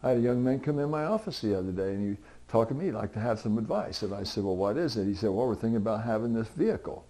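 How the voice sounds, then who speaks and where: Expressive and quick, with few pauses, a middle-aged pastor preaches in a conversational, storytelling manner. He voices others in dialogue as he goes, and now and then bursts into loud, high, pleading appeals to drive his point home.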